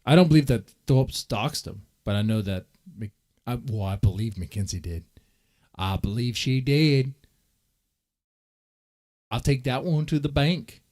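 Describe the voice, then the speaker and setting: A man's voice: mid-range voice, animated, unhurried, pauses often, darkish tone. A man hosting a live reaction stream, sarcastic and impatient as he comments over a clip.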